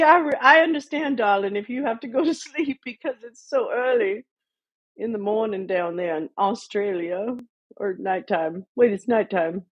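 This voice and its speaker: A woman's voice: mid-range voice, breathy edge, dull audio. A woman hosting a casual live stream, chatting playfully with her viewers and calling them darlings. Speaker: livestream host.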